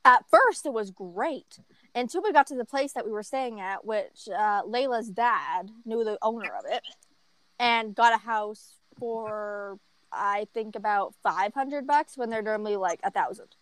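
A woman in a casual storytime chat, rambling through an animated story and often giggling. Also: mid-range voice, measured pace, dry recording. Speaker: vlogger telling a story.

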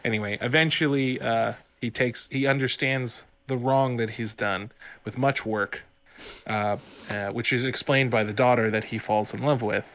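A man's voice: medium pitch, fairly even intonation, moderate pace, fairly bright tone, no room sound. Male podcast co-host, loose rambling storyteller, casual and chatty. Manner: rambling, full of "like" and "you know" fillers. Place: home studio.

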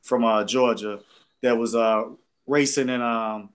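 A man's voice: medium pitch, steady tone, measured pace, clear, resonant tone. A man co-hosting a casual talk show, telling loose, profane stories and joking with his friends. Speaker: podcast co-host. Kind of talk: casual banter among friends.

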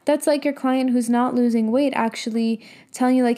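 Young woman coach, fairly high, mellow voice, casual and emphatic motivational delivery with rhetorical questions. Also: steady tone, moderate pace. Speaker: business and mindset coach. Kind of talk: motivational talk.

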